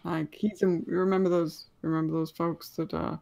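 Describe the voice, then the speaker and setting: A woman's voice: fairly low pitch, flat delivery, normal speed, creaky, darkish tone. A woman running a tabletop game as game master, narrating scenes in a hesitant way with many ums.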